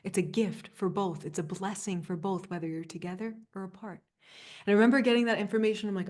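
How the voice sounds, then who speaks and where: Earnest soft-spoken woman coach. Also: medium pitch, steady tone, fast. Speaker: spiritual coach leading a group session. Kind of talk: live community coaching session.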